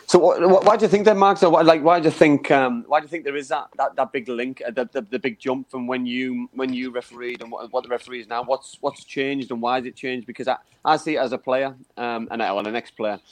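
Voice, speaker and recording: A man's voice: mid-range voice, steady tone, fast talker, few pauses, no echo. A man, a former footballer co-hosting a podcast, asking rambling questions in casual chat.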